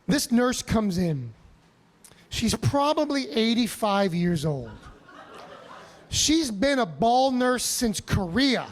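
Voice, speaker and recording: A male stand-up comedian telling a story on a comedy club stage, animated, profane and self-mocking. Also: high voice, takes it slowly.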